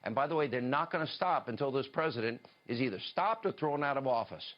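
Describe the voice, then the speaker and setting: A man's voice: medium pitch, lively intonation, fast talker, highs cut off. A man delivering an emphatic, indignant political commentary monologue in the style of a TV news commentator, often quoting statements.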